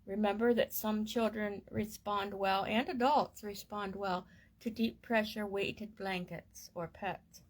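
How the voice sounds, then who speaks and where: A woman reading a parenting course book aloud in a gentle, measured and soothing way. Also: medium pitch, steady tone. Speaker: reader of a parenting course text.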